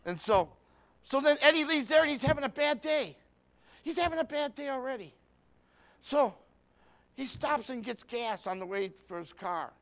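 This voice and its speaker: A man's voice: very high voice, lively intonation, moderate pace, pauses often, fairly bright tone. A man preaching a sermon, telling a folksy story with lots of repetition and rhetorical questions.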